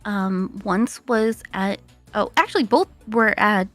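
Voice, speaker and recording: A woman's voice: mid-range voice, lively intonation, slow pace, soft background music. A woman being interviewed as a VTuber guest, chatting casually and giggling often between fillers.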